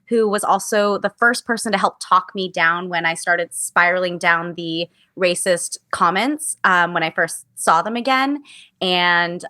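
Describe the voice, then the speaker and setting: A woman's voice: medium pitch, no room sound. A young woman, a musical theater actress, telling stories in a casual interview and acting out the voices she quotes, with many "like" fillers. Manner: animated storyteller who acts out quoted voices, many "like" fillers.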